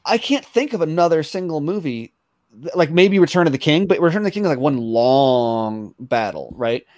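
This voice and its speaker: A man's voice: a little high, expressive, normal speed, darkish tone, no room sound, clean studio sound. A man on a podcast panel, rambling in casual chat with lots of "um" and "like". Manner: rambling, full of "um" and "like".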